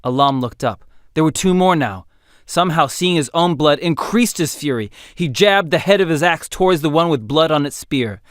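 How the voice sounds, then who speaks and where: A man narrating a fantasy audiobook in an expressive, dramatic storytelling style. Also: on the high side, normal speed, smooth, no echo, clean studio sound. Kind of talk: scripted narration.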